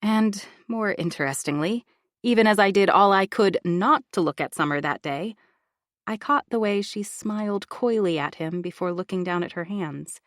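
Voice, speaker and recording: A woman reading a first-person audiobook thriller in an expressive, confiding inner-monologue style. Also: mid-range voice, moderate pace, no room sound, studio quality. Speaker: audiobook narrator.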